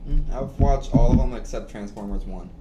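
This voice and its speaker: A man's voice: medium pitch, moderate pace. A man in a casual podcast chat, easygoing and laughing along. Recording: roomy sound with loud noise.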